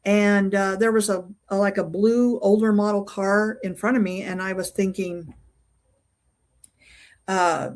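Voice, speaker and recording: An older woman speaking at an average pitch as an interview guest. She tells a personal story in a casual, unpolished way. She stops often on filler sounds and restarts her sentences. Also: little pitch movement, a little mellow. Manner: halting, full of fillers and restarts while recounting. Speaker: interview guest, UFO investigator.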